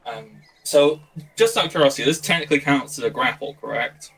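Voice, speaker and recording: A man's voice: on the high side, animated, brisk, creaky, fairly bright tone, slight background noise, poor audio. A British man playing a tabletop game, hesitant and thinking aloud, humming while he checks rules. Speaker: player.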